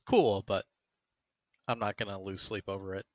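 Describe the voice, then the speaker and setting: Low-voiced easygoing podcast host man. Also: steady tone, moderate pace, no echo. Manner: easygoing, self-deprecating, laughs often. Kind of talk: casual podcast chat.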